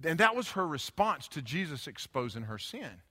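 Very animated, a pastor delivers a sermon at a moderate pace in a slightly high voice that is pushed and bright with a breathy edge. He tells casual, humorous stories that wander off on tangents, using a handheld or stand microphone in a reverberant church hall.

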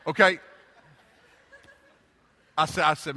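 In a reverberant church hall, a male pastor preaches a sermon full of casual, rambling, funny stories. His voice is high-pitched and sharp, with lively intonation and a moderate pace, picked up by a handheld or stand microphone.

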